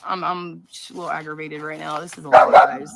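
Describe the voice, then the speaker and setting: A woman's voice: low voice, flat delivery, a little fast, gravelly, fairly bright tone, a little hiss or hum. A woman hosting a live stream, talking to her chat in a rambling, conspiratorial way and often interrupting herself. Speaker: livestream host.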